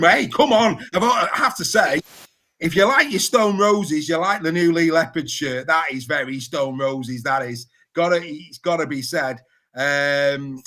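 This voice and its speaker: A man's voice: a little high, pushed and bright, slight background noise. A man hosting a casual rugby panel chat, teasing his co-hosts with jokey banter. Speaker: host.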